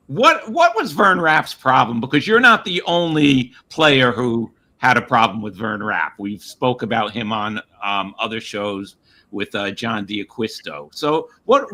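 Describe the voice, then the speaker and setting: A man's voice: medium pitch, big pitch swings, slow, bright, forceful tone. A male podcast host chatting casually with a guest and eagerly asking questions. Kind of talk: casual interview chat.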